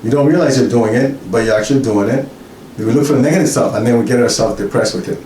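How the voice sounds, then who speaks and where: A man explaining spiritual ideas in casual talk, animated and acting out little scenes in different voices. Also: mid-range voice, fast. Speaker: spiritual teacher. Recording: roomy, distant mic, faint hiss.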